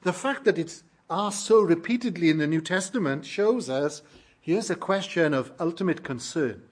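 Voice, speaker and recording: Husky-voiced male preacher. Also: fairly high pitch, expressive, moderate pace. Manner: preaching with rising emphasis on quoted questions. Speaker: pastor. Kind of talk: sermon.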